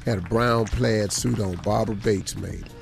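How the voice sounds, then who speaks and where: Man, comedian guest, very gravelly voice, lowish pitch, laid-back boastful stories. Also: fairly even intonation, normal speed, music in the background. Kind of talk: casual storytelling chat.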